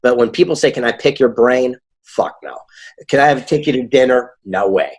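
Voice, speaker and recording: A man with a slightly husky voice chats as an interview guest. He tells his stories with energy and acts out the people he quotes in them. His pitch sits in an ordinary middle range for a man. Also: a little fast. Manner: animated, acts out quoted dialogue. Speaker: author and keynote speaker, guest. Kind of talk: casual interview storytelling.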